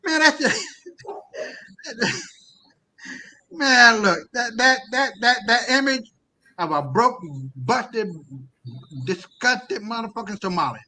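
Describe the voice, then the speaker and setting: A man from the United States, a guest in a discussion, talking in a heated, impassioned rant that often rises toward a shout. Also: extremely high pitch, lively intonation, takes it slowly, pauses often, low-quality recording. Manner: impassioned, profane, often raising his voice to near shouting. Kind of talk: heated ranting talk.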